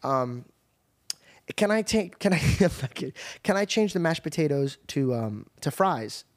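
A man voicing his mother as a calm, reasonable woman ordering and soothing. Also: on the high side, slow.

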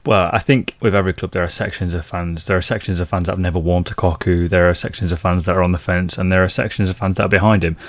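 A man's voice: sits low, steady tone, quick pace, hardly any pauses, no echo. A man chatting casually as a football pundit on a podcast, talking conversationally with frequent fillers and restarts.

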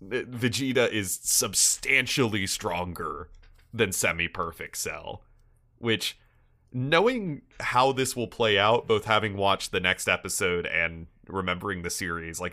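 A man's voice: low voice, bright, forceful tone. A man co-hosting a podcast, chatting casually about an anime episode, laughing often and swearing freely as he rambles. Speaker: podcast co-host.

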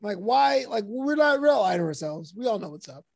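High-voiced man joking on a podcast. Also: big pitch swings, normal speed, creaky. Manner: laughs often, playful and teasing. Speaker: podcast host. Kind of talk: casual comedy podcast chat.

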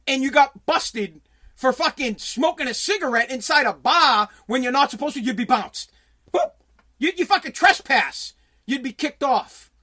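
High-pitched, heated, profane sports ranter. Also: sharp tone. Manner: heated, profane, blunt, with frequent repeated restarts. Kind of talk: ranting sports commentary, reading viewer comments.

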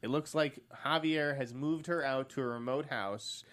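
A man's voice: mid-range voice, normal speed, a bit bright. A man co-hosting a casual movie podcast. He is blunt and cusses freely, and he laughs easily between points. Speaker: podcast co-host. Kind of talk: casual movie news chat.

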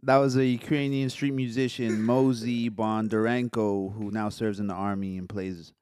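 A man's voice: on the low side, flat delivery, normal speed, darkish tone, clean tone, no echo, clean studio sound. A man hosting a casual podcast chat, rambling with many fillers and restarts. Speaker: podcast host.

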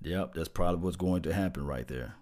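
A man hosting a casual live sports stream, talking loosely and repeating himself, chuckling and shouting out viewers. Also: sits low, fairly quick. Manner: loose, repetitive, chuckling, reads out viewer names.

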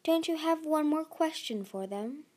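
A woman voicing a scheming female desert dragon who speaks smoothly, with a purr. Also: sits high, lively intonation, unhurried, dark tone, pitched above the performer's own voice. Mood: silky. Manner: smooth, purring.

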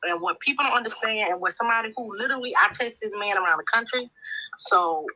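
A woman's voice: a little high, fast, pushed and bright, low-quality recording. A woman calling in to a talk show, speaking in a long-winded, emphatic way and often restarting her sentences. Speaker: caller. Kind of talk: impassioned call-in commentary.

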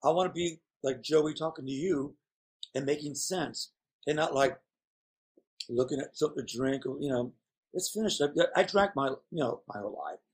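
A man's voice: mid-range voice, normal speed, breathy edge. A man chatting as a guest, telling rambling, candid stories in a playful way. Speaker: guest performer. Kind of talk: casual chat.

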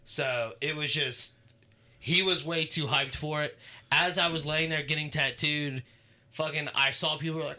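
A man's voice: a little high, steady tone, moderate pace, pushed and bright. A man co-hosting a podcast, telling laid-back, profane stories in casual chat. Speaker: podcast co-host.

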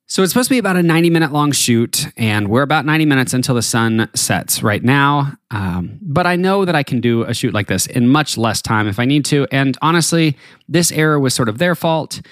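A man in his thirties, a podcast host telling a story in a chatty, animated way. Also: medium pitch, a little fast, no echo. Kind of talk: casual storytelling.

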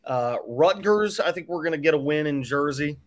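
A man's voice: fairly high pitch, animated, moderate pace. A man guesting on a casual sports podcast, making wry, sardonic asides.

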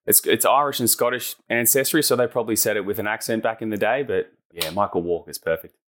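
A man's voice: medium pitch, steady tone, fast, a bit bright. A man in his forties with an Australian accent, a guest chatting easily and laughing readily in an interview. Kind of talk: casual interview chat.

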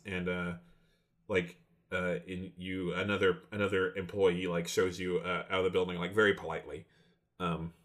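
A man running a tabletop role-playing game, narrating haltingly with many fillers. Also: fairly low pitch, fairly bright tone. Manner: halting, full of fillers and restarts. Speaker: game master.

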